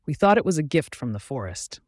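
A gracious, apologetic queen bee from a bedtime storybook, as a man reads her, slightly high and close-miked. The sound is dry, with no room around it. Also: sing-song, brisk, dry recording.

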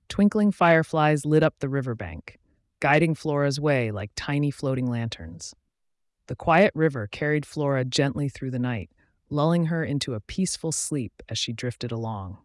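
Gentle male bedtime storyteller. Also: mid-range voice, dry recording, clean studio sound. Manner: gentle, soothing, even read. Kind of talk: scripted bedtime story narration.

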